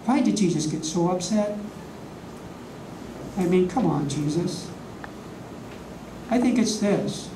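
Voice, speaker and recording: A preacher teaching a class from slides, leaning on slow, emphatic words and rhetorical questions. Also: medium pitch, expressive. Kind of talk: sermon with slides. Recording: echoey room, voice from a distance, faint hum.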